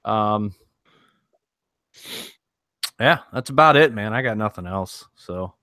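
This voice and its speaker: A man's voice: on the low side, animated, slow pace, bright, forceful tone, no echo, studio quality. A man in his thirties co-hosting a podcast, laid-back and casually profane, laughing often. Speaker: podcast co-host. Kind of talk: casual chat.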